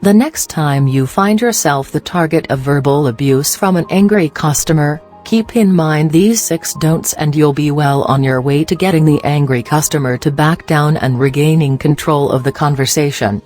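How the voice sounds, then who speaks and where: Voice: mid-range voice, moderate pace, few pauses, soft background music. A narrator giving scripted, instructive narration for a customer-service training video. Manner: steady, instructive reading.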